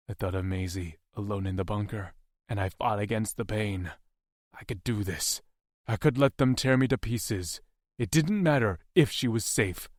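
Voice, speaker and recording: A man narrating a first-person fantasy audiobook in a measured, tense way. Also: mid-range voice, no room sound, studio quality.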